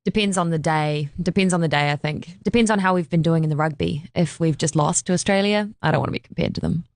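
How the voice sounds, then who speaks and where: A woman's voice: low-pitched, fast talker, darkish tone, no echo. A young woman with a New Zealand accent, chatting as a guest on a radio talk show. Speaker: guest actress. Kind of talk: casual interview chat.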